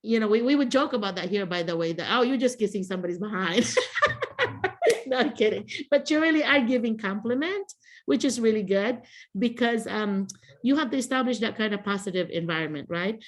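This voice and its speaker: A woman's voice: on the high side, expressive, brisk. A woman hosting a video call and giving teachers casual advice. She talks in a chatty way, laughs often and uses many fillers and restarts.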